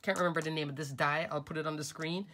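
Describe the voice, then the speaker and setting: A middle-aged woman with a slightly low voice, sounding nasal from a cold, talks viewers through a craft project. Her delivery is chatty and informal, and she calls her audience folks and crafters as she works at her desk. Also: steady tone, fast talker, bright, forceful tone. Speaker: craft tutorial host. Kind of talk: casual step-by-step craft tutorial.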